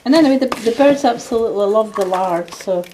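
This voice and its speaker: A Scottish woman shows a recipe in her home kitchen, chatting casually and homely as she works. Her medium-pitched voice is expressive and a little fast, with a noisy background.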